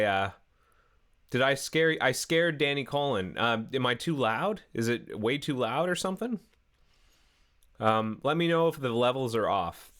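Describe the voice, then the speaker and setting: A Canadian man hosting a live coding stream at his desk mic, his pitch sitting right in the middle of a man's range. He rambles along in an easy, relaxed way and keeps restarting his sentences. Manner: rambling, self-correcting, easygoing. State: chewing a carrot. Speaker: livestream coding host. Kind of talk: casual live-stream chat.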